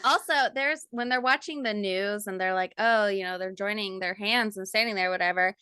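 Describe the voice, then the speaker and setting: A woman's voice: mid-range voice, moderate pace, pushed and bright, clean tone, dry recording. A woman co-hosting a casual movie review podcast, blunt and swearing casually as she animatedly retells scenes. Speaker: podcast co-host.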